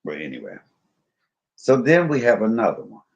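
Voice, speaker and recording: Deep-voiced, musing male stream host. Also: wildly swooping pitch, normal speed, highs cut off. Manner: musing, chatty, filler-heavy. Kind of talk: casual commentary while browsing videos.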